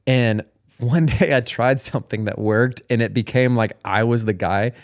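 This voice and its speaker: A young man hosting a podcast, telling stories in a loose, chatty way. He leans on "like" and "dude" and breaks into laughter as he talks. His voice sits at an ordinary middle pitch for a man. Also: moderate pace. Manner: laughs often, loose slangy talk full of "like" and "dude". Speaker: podcast host. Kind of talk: casual storytelling chat.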